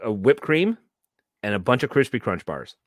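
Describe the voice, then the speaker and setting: A man's voice: medium pitch, sing-song, moderate pace, dry recording, studio quality. A Canadian man co-hosting a podcast, telling stories in a casual chat, laughing often and swearing freely. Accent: Canadian English. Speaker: podcast co-host.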